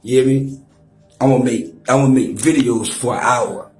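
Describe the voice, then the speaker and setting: A man's voice: medium pitch, normal speed, faint music behind. Man in his forties, taunting livestream rant, trash-talking, roomy echoey audio. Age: 40s. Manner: loud, taunting, trash-talking, mock-rapping. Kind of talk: profane roasting rant on a livestream.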